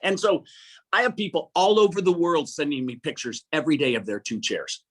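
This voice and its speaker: A middle-aged man, an interview guest, tells a story in an animated, earnest way, acting out dialogue and often repeating "I said.". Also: fairly high pitch, brisk, husky. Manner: earnest, preacher-like. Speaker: guest speaker.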